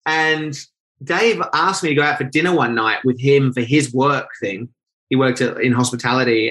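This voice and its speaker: A man tells a personal story as an interview guest. He talks in fast, lively bursts, often correcting himself mid-sentence. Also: medium pitch, low-quality recording. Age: 20s. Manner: animated, rapid storytelling with self-corrections.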